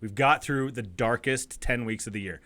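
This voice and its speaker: Man in his forties, bright forward tone, animated storyteller who curses casually on a chat podcast. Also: medium pitch, normal speed. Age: 40s. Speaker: podcast co-host.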